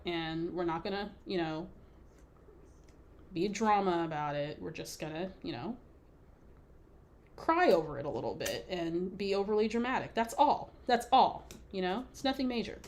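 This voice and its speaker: A woman's voice: on the low side, expressive, moderate pace, long pauses, slight background noise. A woman hosting a live scrapbooking stream, chatting playfully with viewers and laughing often as she works. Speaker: scrapbooking livestream host. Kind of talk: casual crafting livestream chat.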